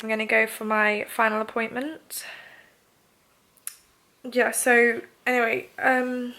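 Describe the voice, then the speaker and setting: Young woman vlogger, congested nasal voice, slightly high, bright and forceful, chatty, emotional. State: congested, nasal after surgery. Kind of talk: casual video diary.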